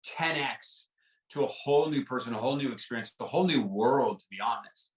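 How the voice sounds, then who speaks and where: In an echoey room and somewhat far from the microphone, a man shares a personal story as a podcast guest. His middle-pitched voice is earnest and halting, circling back over words and filled with "like" and "right?".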